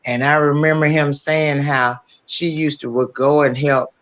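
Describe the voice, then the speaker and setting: A man's voice: on the high side, little pitch movement, measured pace, a bit bright. A man in casual chat, speaking reflectively and earnestly as co-host.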